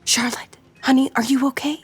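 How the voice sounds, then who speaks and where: A woman doing a high-strung fussy woman. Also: steady tone, moderate pace, breathy edge, soft background music. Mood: fretful. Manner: thin, high, fretful.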